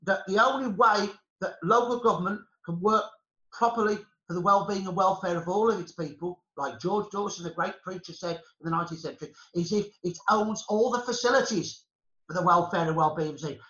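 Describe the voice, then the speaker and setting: Birmingham man, bright forceful voice, fervent guest speaker, echoey muffled sound. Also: high-pitched, fast talker. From Birmingham, England. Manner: passionate, emphatic, speechmaking. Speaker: historian guest. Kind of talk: conversation on a podcast panel.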